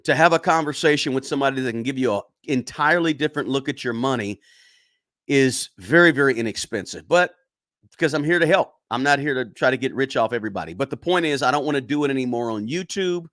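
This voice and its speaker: A man's voice: mid-range voice, fast, a bit bright, dry recording, studio quality. A man hosting a live finance stream, talking casually and directly to his viewers and often repeating himself. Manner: chatty, talks straight to viewers, repeats himself. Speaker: finance livestream host. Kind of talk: casual livestream chat.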